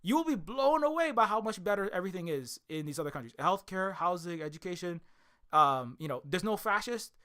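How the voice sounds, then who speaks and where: A young man from Hawaii, a video creator, delivers a casual, rambling and emphatic monologue, swearing often and restarting his sentences. His voice is high-pitched and sing-song with a sharp tone, at a slightly fast pace.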